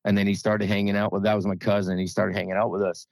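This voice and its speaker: A young man, a pastor, talking with a guest on a casual podcast, excitable and saying "dude" and "man" a lot. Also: lowish voice, fast, vocal fry, dry recording.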